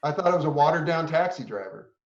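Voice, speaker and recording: An opinionated man co-hosts a casual podcast chat. His voice sits a little higher than most men's and bounces around an echoey room, and the recording has a dull, lo-fi sound. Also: animated, fast. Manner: opinionated, self-deprecating critic. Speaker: podcast co-host.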